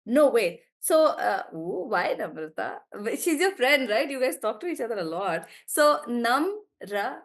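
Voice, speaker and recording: A woman teaches a live online class in a fairly high voice. She is chatty and encouraging, praising students by name. Her explanations are often broken up by easy laughter. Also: very animated, measured pace, few pauses. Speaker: English teacher.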